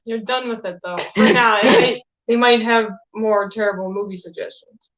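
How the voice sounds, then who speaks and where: A woman's voice: on the high side, fairly even intonation, normal speed, fairly bright tone, dull audio. A woman co-hosting a casual movie review chat, chiming in with crude jokes and laughter. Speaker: co-host.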